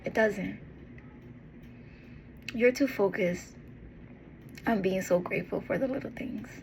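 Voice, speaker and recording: A woman giving a heartfelt, encouraging monologue as a vlogger, earnest and tender, with pauses and restarts. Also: medium pitch, creaky, darkish tone, slight background noise, low-quality recording. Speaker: motivational vlogger.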